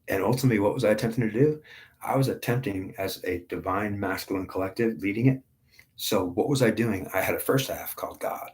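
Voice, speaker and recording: Man, 50s, low voice, spiritual reader, intense and repetitive with halting restarts. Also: a little mellow. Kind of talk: spiritual monologue.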